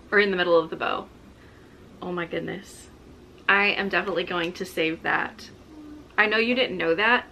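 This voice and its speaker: A woman's voice: mid-range voice, vocal fry, sharp tone, slight background noise, low-quality recording. Gushing woman unboxing gifts. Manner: gushing, effusive, exclaims often. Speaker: vlogger. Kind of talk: casual unboxing chat. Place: home, indoors.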